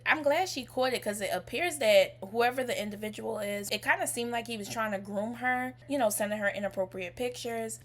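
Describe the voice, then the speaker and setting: A woman speaks at a mid pitch in a calm, measured way, as a host reacting to a clip. She pauses now and then to pick her words with soft fillers. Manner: measured, thoughtful, some "um" fillers. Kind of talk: calm commentary.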